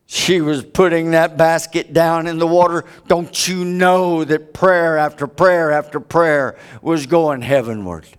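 A man preaching a sermon, with big dramatic swings from loud high peaks to hushed low stretches. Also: a little slow, few pauses, clear, resonant tone.

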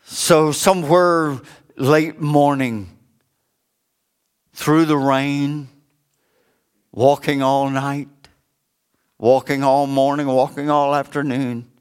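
A man preaching a sermon, telling a story slowly with dramatic pauses. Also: mid-range voice, fairly even intonation, clean tone.

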